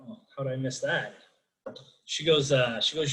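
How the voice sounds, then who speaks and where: A man's voice: medium pitch, moderate pace, fairly bright tone, rough recording. A middle-aged man with a Chicago accent doing a chatty, self-deprecating stand-up routine over a video call, full of fillers. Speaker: stand-up comedian.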